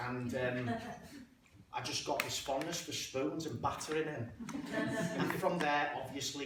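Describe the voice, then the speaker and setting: A man from Liverpool with a Liverpool accent, casual and rambling, laughing as he talks. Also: fairly high pitch. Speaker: improviser. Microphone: video call. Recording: echoey, distant call with noise.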